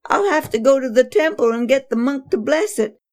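A woman voicing a frightened village mother in a children's story, wailing in a high upset voice. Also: expressive, a little fast, darkish tone.

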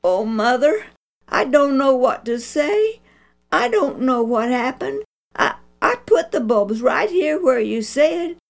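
A woman's voice: on the high side, lively intonation, moderate pace, few pauses, faint music behind, pitched above the performer's own voice. A woman voicing a timid, earnest young girl in a storybook reading. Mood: tearful.

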